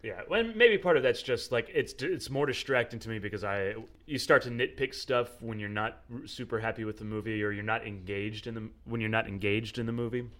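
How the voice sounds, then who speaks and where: A man's voice: on the low side, fairly quick, hardly any pauses, fairly bright tone. Rambling man chatting about films. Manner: rambling, heavy use of "like" and "you know". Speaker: podcast co-host. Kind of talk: casual film discussion.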